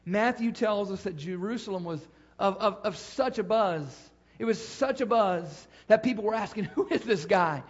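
A man with a very high voice preaches a sermon. His cadence rises and falls as he repeats phrases for emphasis. The recording sounds muffled and lo-fi. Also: normal speed. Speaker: pastor.

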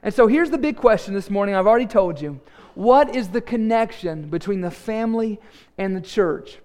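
A man's voice: sits high, lively intonation, moderate pace, a little mellow. A man, a pastor praying and preaching a sermon, earnest and emphatic, repeating key phrases. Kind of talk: sermon with prayer.

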